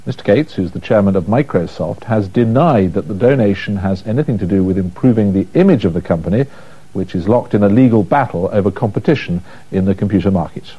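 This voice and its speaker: Male newsreader, low husky voice, formal and steady, muffled lo-fi sound. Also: brisk. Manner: formal, even delivery. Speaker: news anchor. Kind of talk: scripted news reading. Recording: dull lo-fi broadcast audio.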